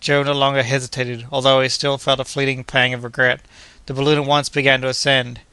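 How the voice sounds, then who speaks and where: A man reading a classic adventure novel aloud in a steady, measured narration. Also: medium pitch, clean tone, no room sound. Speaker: audiobook narrator. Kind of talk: scripted narration.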